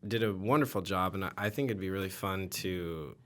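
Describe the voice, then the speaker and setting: A man co-hosting a podcast, soft-spoken and trailing off with fillers as he talks. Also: deep voice, a little fast. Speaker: podcast co-host. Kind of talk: casual chat.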